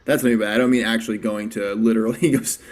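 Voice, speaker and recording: Low-voiced man thinking aloud. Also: fairly even intonation, very fast. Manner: hesitant, restarts often, thinks aloud. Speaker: podcast guest. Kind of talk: casual podcast chat.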